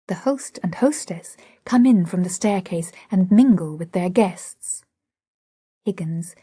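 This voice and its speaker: A woman narrating a play for an audiobook, reading the stage directions calmly. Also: lowish voice, slightly rough, dry recording, clean studio sound.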